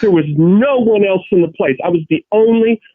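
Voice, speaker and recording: A man's voice: sits high, normal speed, no echo. A man co-hosting a casual chat, telling rambling stories full of restarts and swearing. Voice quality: profane, ranting storyteller. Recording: tinny phone-like sound.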